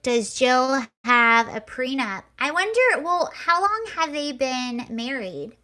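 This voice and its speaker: A woman's voice: sits high, sing-song, slow pace, sharp tone. A woman hosting a casual livestream, chatting sarcastically, laughing and reading viewer comments aloud. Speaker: livestream host. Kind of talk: casual chat reacting to clips and comments.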